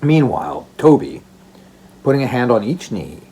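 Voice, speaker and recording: A man's voice: medium pitch, very animated, moderate pace, mellow, a little hiss or hum. A man narrating a classic story aloud for an audiobook, in a theatrical storytelling manner. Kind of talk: expressive narration of a classic novella.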